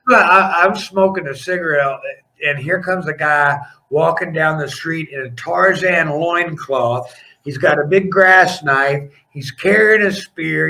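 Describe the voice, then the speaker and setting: A middle-aged man, a former pro wrestler, telling rambling, animated anecdotes in a casual interview, laughing and restarting as he goes. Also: on the high side, low-quality recording.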